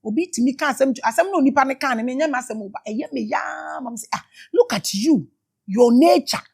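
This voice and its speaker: A Ghanaian woman giving emotional spiritual commentary, shouting exclamations and switching between English and Twi. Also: high voice, animated, fairly quick, gravelly, slightly rough. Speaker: spiritual teacher.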